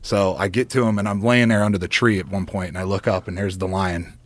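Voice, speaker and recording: A man's voice: sits low, fast talker, no room sound. Profane man telling a hunting tale. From United States. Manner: animated, profane, laughing storyteller. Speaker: podcast guest, former football player. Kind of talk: casual storytelling.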